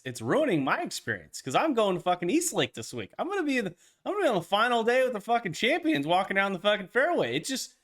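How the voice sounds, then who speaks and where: A man with a fairly high, very lively voice, co-hosting a casual golf podcast. He rants in an animated, profane way, his pitch swinging up and down as he gets worked up. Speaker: podcast co-host.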